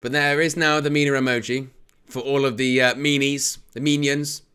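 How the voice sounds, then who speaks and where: A man hosting a live football watch-along, giving excitable play-by-play between jokey chat with viewers, laughing often and rising to shouts at near-misses. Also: medium pitch, moderate pace, clear, resonant tone.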